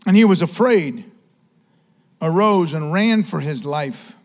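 A man preaching from the pulpit in a notably high voice. He hammers repeated lines at the church and sometimes sinks into a quiet, hushed tone to make his point. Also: animated, slow pace. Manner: emphatic, repetitive preaching, drops to a soft hush. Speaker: pastor. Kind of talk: sermon.

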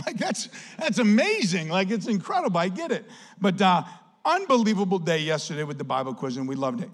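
A man preaching a sermon as pastor, chatty and animated, telling a story with lots of "like" and acted-out quotes. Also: high-pitched, brisk.

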